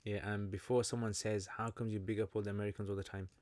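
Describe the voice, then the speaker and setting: A British man with a British English accent hosts a casual livestream Q&A, chatty and joking as he reads viewer comments and explains Arabic terms. His voice is fairly low, level, fast and a little mellow, with no room sound.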